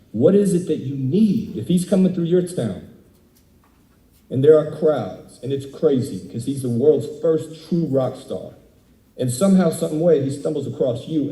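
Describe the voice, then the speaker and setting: A man giving an interactive sermon as a guest speaker, acting out dialogue in animated character voices. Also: mid-range voice, reverberant, recorded from a distance, poor audio. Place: indoors, speaking remotely at a screen.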